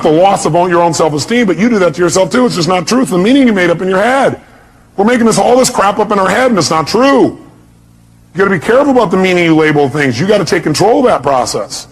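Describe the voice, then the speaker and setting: A man giving a motivational seminar talk, animated, acting out quotes in a raised voice and asking the audience questions. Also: high voice, fast talker, breathy edge, rough recording. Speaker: motivational speaker.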